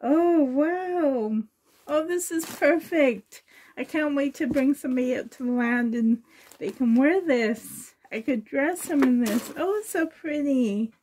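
A woman's voice: sits high, moderate pace, darkish tone, slight background noise. A woman vlogger chatting casually while unboxing, her voice shaky and emotional as she gushes with tearful gratitude. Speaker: doll-collecting vlogger.

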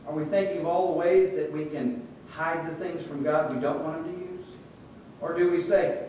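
A man preaching a sermon in a relaxed, conversational way, telling stories and acting out the voices in them. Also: moderate pace. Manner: conversational storytelling with quoted voices. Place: church sanctuary. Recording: echoey church room, distant mic, faint rumble.

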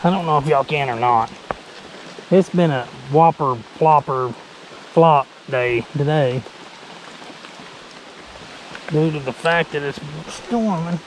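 This fishing vlogger, a Southern-accented Tennessean in his late thirties, rambles and jokes to camera from a lake in a fairly high voice, speaking slowly with long pauses and nervous laughter. The rough action-camera recording catches loud, heavy rain, with slight background noise.

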